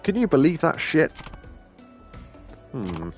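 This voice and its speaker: A man's voice: fairly high pitch, wildly swooping pitch, slow, faint music behind, voice pushed up, exaggerated voice. A man reading out a rude, ranting hostess. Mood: indignant. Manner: petty, ranting and crude. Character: rude, bitter young female hostess.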